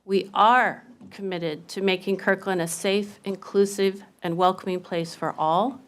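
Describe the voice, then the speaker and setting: Woman chairing a council meeting, smooth. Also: medium pitch, fairly even intonation. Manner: measured, reading a prepared statement.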